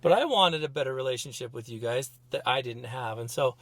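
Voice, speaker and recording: A middle-aged man co-hosting a podcast, telling a family story in a casual, animated way and acting out what people said. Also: mid-range voice, a little fast, no room sound. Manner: animated retelling with acted-out quotes. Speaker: podcast co-host, therapist.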